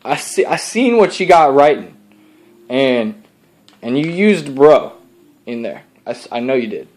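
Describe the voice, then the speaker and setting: A man's voice: medium pitch, very animated, a little slow, darkish tone. A young man voicing his laid-back Texan alter ego, a slangy bro who drawls and lectures with "dude" and "bro". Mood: cocky. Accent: Texas. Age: young adult.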